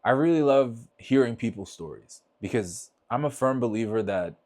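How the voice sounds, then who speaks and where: A man's voice: medium pitch, lively intonation, normal speed, darkish tone. A man talking bluntly and earnestly in a motivational vlog, swearing freely and speaking from the heart as he encourages his viewers. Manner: heartfelt, emotional. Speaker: fitness vlogger.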